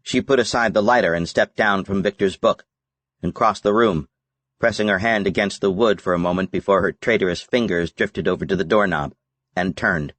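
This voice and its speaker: A man narrating a novel as an audiobook in a measured, even reading. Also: sits low, dry recording. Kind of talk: scripted narration.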